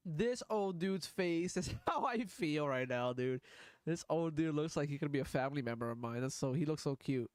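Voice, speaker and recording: A man's voice: on the high side, animated, measured pace, dry recording. A man streaming live, reacting to videos in blunt, profane, rambling commentary.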